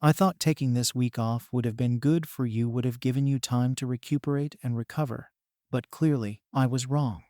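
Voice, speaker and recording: A man's voice: mid-range voice, fairly even intonation, moderate pace, dark tone, no room sound, clean studio sound, natural voice. A man reading as a stern, stubborn mother. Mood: scolding. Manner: blunt and scolding.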